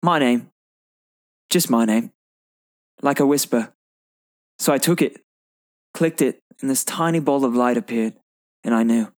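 A man's voice: mid-range voice, unhurried, long pauses, no room sound, studio quality, close to an everyday voice. A man voicing an earnest young British man with a put-on British accent, reading a heartfelt movie monologue.

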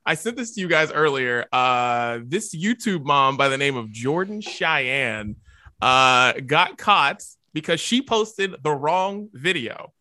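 A man co-hosting a casual podcast chat, animated and jumping up in pitch to make a point. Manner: animated, jumps high in pitch for emphasis. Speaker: podcast co-host.

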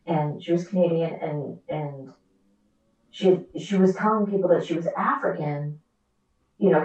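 Distant echoey woman, animated actor guest. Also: low-pitched. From America. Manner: animated, quick asides, acts out quoted dialogue. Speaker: actor and author, podcast guest. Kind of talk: candid interview conversation. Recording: echoey, distant, dull remote audio.

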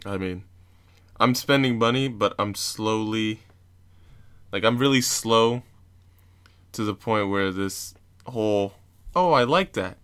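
A man's voice: on the low side, fairly even intonation, takes it slowly, long pauses, a bit bright, clean tone. A young man hosting a podcast, telling rambling stories in casual chat and laughing often at his co-host. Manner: giggly, rambling storyteller.

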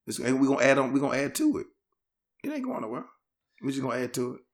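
A man's voice: mid-range voice, very animated, racing. A young man in casual podcast chat who laughs often and teases back playfully. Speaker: podcast co-host.

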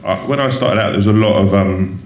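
A man with a very low voice chats loosely on a theatre stage. He rambles and restarts his sentences and pokes fun at himself. The sound carries a roomy live-theatre echo. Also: fast, darkish tone. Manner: rambling, self-deprecating, many restarts. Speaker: guest comedian. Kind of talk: casual stage interview. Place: theatre stage before an audience.

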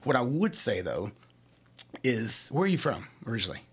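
A man's voice: medium pitch, big pitch swings, moderate pace, slightly rough. A man from Kentucky who represents a craft brewery, talking casually and explaining things through analogies and acted-out quotes. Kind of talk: casual chat.

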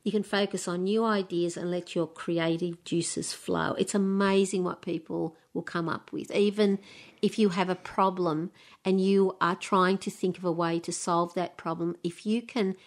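A woman's voice: on the low side, steady tone, normal speed. Upbeat, encouraging woman podcaster. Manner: upbeat and encouraging, half reading, half chatting. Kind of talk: podcast segment on astrology.

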